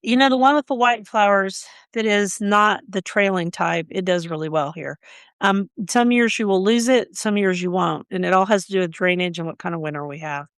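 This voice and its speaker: A woman's voice: mid-range voice, normal speed, clean tone, no room sound, studio quality. A woman co-hosting a gardening podcast, chatting casually and telling stories with frequent laughs. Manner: chatty, storytelling, laughs often. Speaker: podcast co-host.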